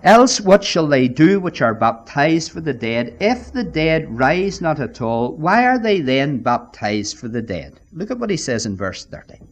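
A man preaching a sermon, emphatic and deliberate, often addressing his listeners as friends. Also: fairly high pitch, big pitch swings.

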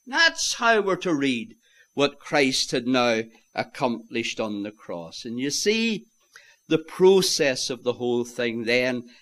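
A man preaching a sermon, swinging from loud declarations to hushed, near-whispered lines and calling his listeners "my friends". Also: medium pitch, expressive, slow.

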